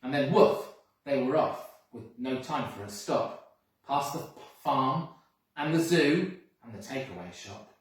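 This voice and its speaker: A school reader reading a picture book aloud with expressive, sing-song storytelling, recorded from a distance in an echoey room. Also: mid-range voice, a little slow. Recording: echoey room, mic far off.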